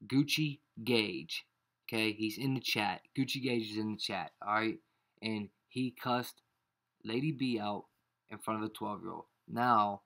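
A man's voice: lowish voice, fairly bright tone. A man in an angry, confrontational rant, full of slang and repeated insults, showing proof on his screen. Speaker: YouTuber.

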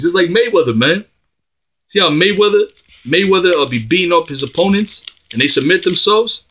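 A man's voice: high voice, expressive, brisk, fairly bright tone, breathy edge. A man preaching, reading scripture aloud and breaking in with emphatic, profane street talk. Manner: emphatic, profane and slangy between verses.

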